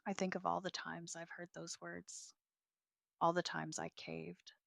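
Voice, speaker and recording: Cool, measured woman narrating a story. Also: lowish voice, little pitch movement, vocal fry, fairly bright tone, dry recording, studio quality. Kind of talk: first-person story narration.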